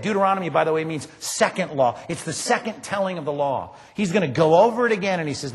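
A man preaching a sermon, emphatic and animated, often asking his congregation rhetorical questions. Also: fairly high pitch, quick pace, few pauses, in a large hall. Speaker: pastor.

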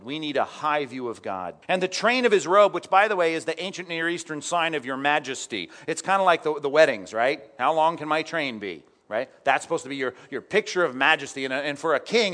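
A man's voice: medium pitch, fairly bright tone. A man preaching a sermon, reading scripture and breaking off into chatty asides and rhetorical questions to the congregation. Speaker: pastor.

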